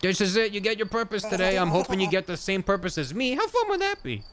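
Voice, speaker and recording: A man's voice: sits high, big pitch swings, fast talker, a crowd in the background, pitched above the performer's own voice. A man voicing a sweet, dreamy gnome who grows mushrooms in a video game, bubbly and wistful.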